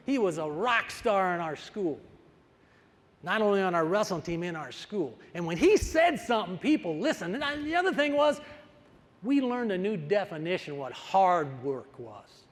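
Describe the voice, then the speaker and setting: Animated older man telling a story. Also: sits high, moderate pace. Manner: animated, acts out the dialogue. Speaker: wrestling coach. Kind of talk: storytelling speech. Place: large conference hall. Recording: reverberant hall.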